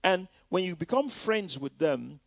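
A man's voice: high-pitched, sing-song, a little slow, vocal fry, no echo. A man from Nigeria, preaching a personal testimony in a loose, conversational way with many "you know" asides. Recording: dull, dry lo-fi recording.

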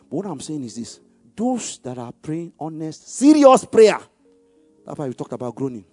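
A man preaching, leading the congregation in call-and-response and rising to loud exclamations on key words. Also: fairly high pitch, slightly rough, no echo. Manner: animated call-and-response, leads the congregation to repeat verses. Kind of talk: sermon.

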